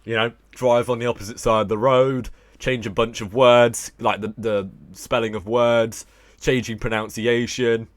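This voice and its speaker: A young Englishman hosts a livestream in a loose, rambling way, tossing out jokes and swear words as he talks to his viewers. His voice sits at an ordinary pitch and comes across dry and close, with no room sound. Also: level tone, normal speed, no echo. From England. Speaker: livestream host. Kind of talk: casual livestream chat with viewers.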